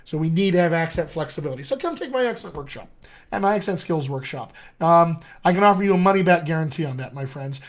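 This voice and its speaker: A man coaching accents on a casual livestream, talking straight to his viewers in a friendly, salesy way and reading out their comments. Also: sits high. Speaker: dialect coach.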